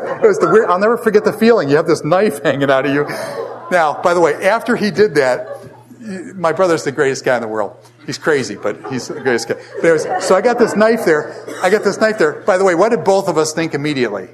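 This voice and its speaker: An older man leads a relaxed Bible class, his voice a touch higher than most men's. He tells stories with lots of energy and keeps turning to the class with questions. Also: fast talker. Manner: animated storyteller, asks the class questions. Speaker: Bible teacher. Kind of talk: casual classroom Bible lesson.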